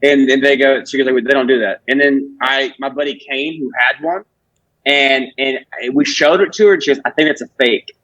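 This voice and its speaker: A man's voice: mid-range voice, moderate pace, fairly bright tone, muffled recording. A young man, a podcast guest, rambling through stories in casual, profane talk full of "like". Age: 20s. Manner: rambling, profane, heavy use of "like". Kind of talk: casual chat.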